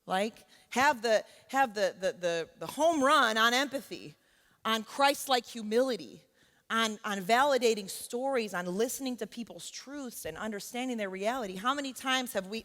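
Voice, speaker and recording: Her voice sits on the high side, expressive and fairly bright, at a moderate pace. She teaches college and is giving a sincere, chatty talk in a church sanctuary, often checking in with the audience, with the long reverb of a church hall around her.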